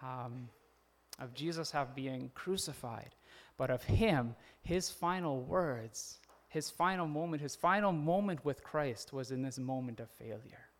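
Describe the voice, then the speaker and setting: Creaky-voiced man preaching casually. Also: mid-range voice, unhurried. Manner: conversational, laughs often, acts out quotes. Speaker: pastor. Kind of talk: sermon.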